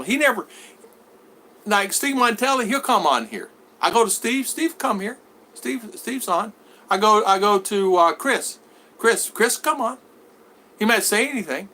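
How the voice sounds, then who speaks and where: A man's voice: medium pitch, pushed and bright, a little hiss or hum. A man vlogger chatting casually on a live stream, telling rambling stories and acting out the people in them. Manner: rambling storyteller who acts out voices.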